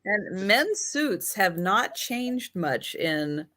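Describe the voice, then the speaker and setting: Woman co-host, unhurried, casual conversational delivery. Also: medium pitch, very animated, pushed and bright. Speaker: live sale co-host. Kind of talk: casual live-stream chat.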